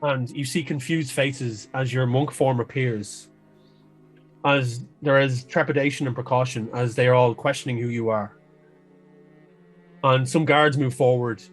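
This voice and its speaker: A man running a fantasy tabletop game, narrating scenes at an ordinary pitch. His storytelling is descriptive and unhurried, and he now and then stops to restart a phrase. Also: fairly even intonation, faint music behind. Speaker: game master.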